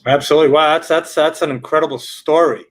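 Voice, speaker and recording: Male interview host from Israel, slightly high voice, eager and chatty. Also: fairly even intonation, fast talker. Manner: repeats and restarts words, enthusiastic. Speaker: podcast host. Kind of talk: casual interview chat.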